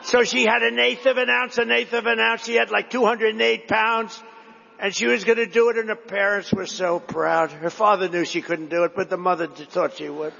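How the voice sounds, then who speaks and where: A man's voice: high-pitched, little pitch movement, fairly quick, vocal fry, pushed and bright, breathy edge, long reverb tail, lo-fi sound. Rambling man giving a rally speech. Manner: rambling, digressive, repetitive storytelling to a crowd. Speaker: political speaker at a rally.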